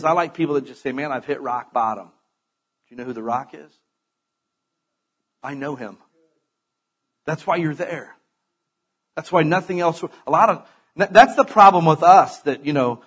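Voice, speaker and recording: A man's voice: fairly high pitch, breathy edge. A middle-aged man preaching a sermon in a conversational way, with sudden emphatic bursts.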